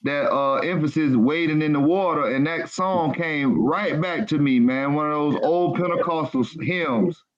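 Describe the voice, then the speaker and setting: A man calling in as a guest on a livestream panel speaks earnestly, slowly and haltingly. His voice sits a bit high, and the audio is dull and lo-fi. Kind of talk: casual chat.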